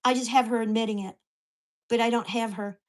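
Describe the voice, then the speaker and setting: A woman's voice: a little high, fairly even intonation. Profane, exasperated woman ranting. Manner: profane, fast-shifting storytelling; exasperated and indignant. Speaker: vlogger. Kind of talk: angry rant to camera.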